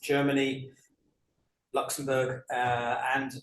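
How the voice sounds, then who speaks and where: A man in his sixties with a London accent, a guest telling his life story in a relaxed, dryly humorous way. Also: mid-range voice, takes it slowly, slight background noise. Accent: London English. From England. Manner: dry self-mocking humour, chatty. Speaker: guest career coach. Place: indoor room, on a couch. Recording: roomy echo, faint ambience.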